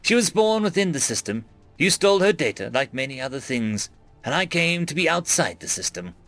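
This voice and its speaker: A man voicing a cold, taunting female android that speaks in a stilted, synthetic way, slow and mocking. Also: a little high, sing-song, a bit bright, faint music behind.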